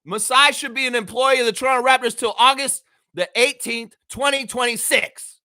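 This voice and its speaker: On his casual daily fan stream, this very high-voiced man speaks at a moderate pace, swearing freely and acting out lines of dialogue with plenty of excitement.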